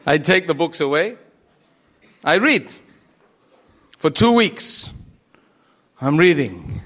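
A man telling his own conversion story in a religious talk, animated, acting out the voices he quotes and repeating phrases for emphasis. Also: a little high, slow pace.

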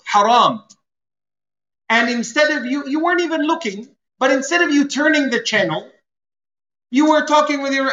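A man's voice: sits high, pushed and bright. A man giving a sermon, explaining Arabic terms and acting out everyday scenes. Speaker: preacher. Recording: roomy, slightly dull sound.

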